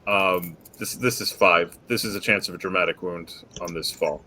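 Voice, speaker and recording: A man running a tabletop role-playing game, explaining rules and narrating events in a relaxed way. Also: sits low, moderate pace, slight background noise. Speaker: game master.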